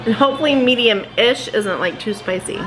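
A woman's voice: on the high side, fairly quick, low-quality recording. A woman hosting a family vlog, chatting and laughing as she cooks dinner at home. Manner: chatty, giggly, narrates cooking to camera. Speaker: vlog host and mother. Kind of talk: casual family vlog chat. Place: home kitchen. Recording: home recording with background noise.

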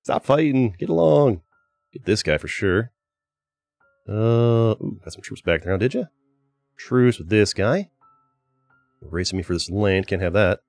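A man's voice: lowish voice, lively intonation, a little slow, vocal fry, pauses often, darkish tone, dry recording, faint music behind. A man hosting a gaming channel, giving casual gameplay commentary in a chatty way, with exasperated outbursts at his teammates. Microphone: desk microphone.

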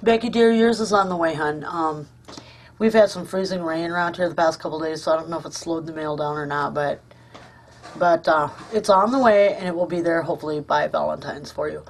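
A woman's voice: sits low, brisk, a little hiss or hum. A woman hosting a casual craft vlog at home, gushing and chatty with lots of ums and uhs. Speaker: crafting channel host.

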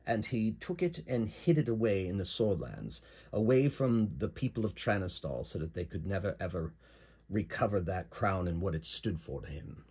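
A man with a deep, husky voice voicing a composed, bespectacled woman patron, speaking softly and in a measured way. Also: sing-song, full character voice. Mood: earnest.

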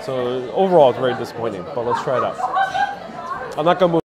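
Amid heavy background noise and busy crowd chatter, an American man live-streams inside a restaurant from a phone at arm's length. His mid-range voice is expressive and quick as he tastes food and drink, playfully addressing viewers as ladies and gentlemen in casual chat.

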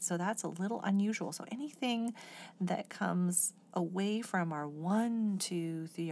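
A middle-aged woman teaching oboe in a calm, explanatory way. Her voice sits a little low for a woman. She walks students through fingerings and phrasing patiently. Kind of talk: instructional music lesson.

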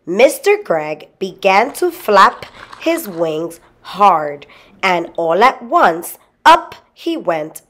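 A woman reading a children's story aloud in a slow, expressive way. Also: medium pitch. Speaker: storybook reader.

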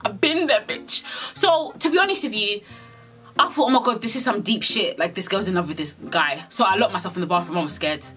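A young British woman in her twenties, casually telling a storytime vlog, animated, slangy and swearing as she acts out scenes. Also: mid-range voice, a little fast, faint music behind. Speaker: storyteller vlogger.

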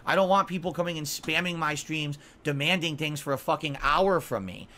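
A man's voice: on the high side, a little fast, bright, forceful tone, slight background noise. A man in his forties, a gaming streamer, ranting defensively and scolding his audience on his podcast stream. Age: 40s.

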